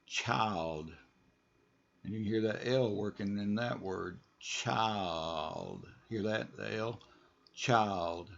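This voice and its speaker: A man leads a pronunciation lesson, drawing out each model word slowly so learners can repeat it. His voice sits low and carries a gravelly edge. The sound is dull and lo-fi. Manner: slow, deliberate model words, relaxed asides. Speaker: English pronunciation teacher.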